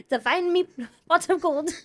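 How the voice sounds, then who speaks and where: A woman's voice: very high voice, fairly bright tone, pitched above the performer's own voice, heavily acted. Woman as a chirpy Irish lad, mock accent slipping Scottish, sing-song. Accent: put-on Irish drifting Scottish. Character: cheerful young Irish boy.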